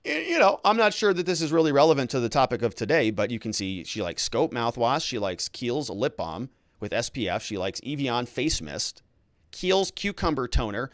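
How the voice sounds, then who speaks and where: A man's voice: mid-range voice, big pitch swings, normal speed, no room sound, clean studio sound. A man who hosts a legal commentary show, talking casually and sarcastically while reading documents aloud. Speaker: lawyer and legal commentary host.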